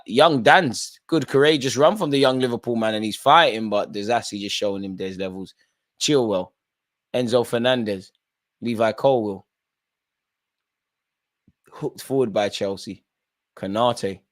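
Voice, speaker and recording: A man hosting a live football watchalong, calling out players by name and bantering in casual slang. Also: lowish voice. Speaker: watchalong host.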